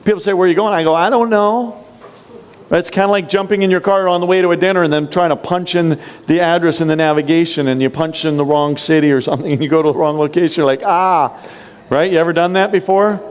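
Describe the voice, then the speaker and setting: A man's voice: a little high, fairly even intonation, fast talker, hardly any pauses, smooth. A man giving a motivational sales training talk, punchy and full of rhetorical questions to the audience. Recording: long hall reverb.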